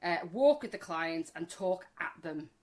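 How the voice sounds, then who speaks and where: A woman's voice: on the low side, animated, a little slow, darkish tone. A woman in her forties, a podcast co-host, chatting casually and telling a story bluntly, with plenty of swearing. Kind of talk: casual chat.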